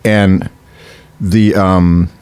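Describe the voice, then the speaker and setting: A man, an actor, telling a story from an audition in a casual chat, animated and quick to laugh, slipping into the voices of the people he quotes. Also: sits low, clean tone, dry recording.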